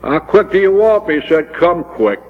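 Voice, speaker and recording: A man's voice: fairly high pitch, very animated, moderate pace, slight background noise. A man preaching a sermon, telling stories and building to impassioned, pleading climaxes. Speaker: pastor. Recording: dull old recording in a large hall.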